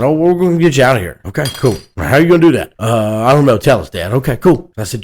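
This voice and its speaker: Male podcast host, rowdy storyteller who drops to low mutters and then shouts, profane. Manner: animated, profane, swings between loud bursts and low mutters. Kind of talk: casual storytelling.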